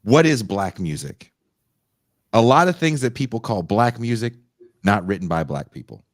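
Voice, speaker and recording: A male podcast host telling a long story in a loose, profane, animated way. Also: on the low side, moderate pace, no echo, clean studio sound. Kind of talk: casual storytelling chat.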